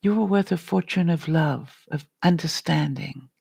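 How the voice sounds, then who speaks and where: Gravelly husky woman, slow and earnest, cheering on chat viewers. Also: low-pitched, warm tone, no room sound. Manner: earnest, encouraging, addresses viewers by name. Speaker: life coach vlogger. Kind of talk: live-stream pep talk answering chat.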